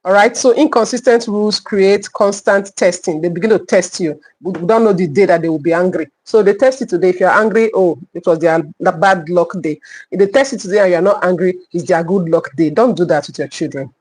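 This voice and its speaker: A woman's voice: lowish voice, fairly quick, darkish tone, breathy edge, poor audio. Emphatic Nigerian woman teaching parents. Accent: Nigerian English. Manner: emphatic, repeats key points, teacherly asides. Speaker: clinical psychologist teaching parents. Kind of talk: live online parenting class.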